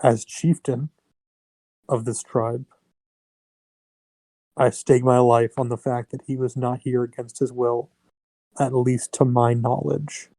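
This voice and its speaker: Solemn chieftain making a vow, mellow and dry, put on by a male game master. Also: medium pitch, level tone, slow pace, pauses often, dry recording, low-quality recording. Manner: formal, vowing.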